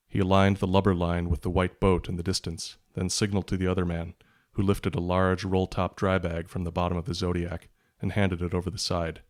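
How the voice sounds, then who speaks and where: Deep, flat-voiced man reading a thriller. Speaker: author reading his novel. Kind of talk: reading fiction aloud. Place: podcast recording.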